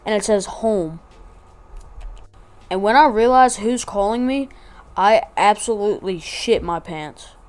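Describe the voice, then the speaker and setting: A woman's voice: mid-range voice, moderate pace. A woman vlogger telling a casual story, rambling and slangy with lots of asides.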